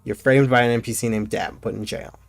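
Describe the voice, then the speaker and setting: A male streamer reading video game text aloud slowly and carefully, breaking off for casual asides to his viewers. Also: medium pitch, steady tone, gravelly. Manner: reads game narration in a slow, measured way, breaking off for casual asides.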